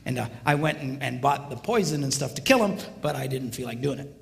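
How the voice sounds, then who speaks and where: An older man giving a marriage seminar talk, telling animated stories and acting out the voices of the people in them. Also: medium pitch, a little fast, gravelly, long reverb tail, heavy background noise. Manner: animated storytelling, acts out voices.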